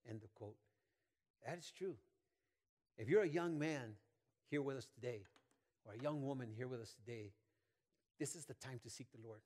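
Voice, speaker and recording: A man's voice: mid-range voice, normal speed, a little mellow. A man in his sixties preaching a sermon as pastor, folksy and rambling with many fillers and asides. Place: church sanctuary. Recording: long hall reverb.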